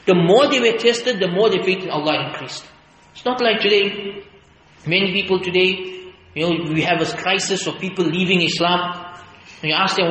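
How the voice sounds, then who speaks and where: A man giving a Friday sermon lecture, emphatic and animated, asking rhetorical questions. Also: high-pitched, moderate pace. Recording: echoey hall, faint ambience.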